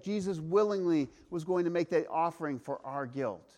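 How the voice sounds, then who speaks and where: A pastor preaching a sermon, earnest and emphatic, slowing for weight and firing off rhetorical questions. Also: male voice, on the high side, darkish tone.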